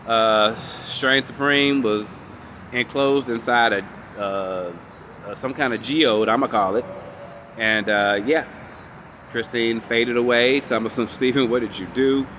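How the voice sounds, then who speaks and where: A man casually recapping and reviewing a show episode, animated and storytelling, acting out characters' lines and swearing freely. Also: mid-range voice, slow pace, slight background noise.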